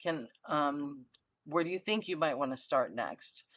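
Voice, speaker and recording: A woman's voice: deep voice, lively intonation, unhurried, a bit bright, dry recording, highs cut off. A middle-aged woman giving a recorded university lecture in an earnest, conversational way, with frequent fillers and restarts.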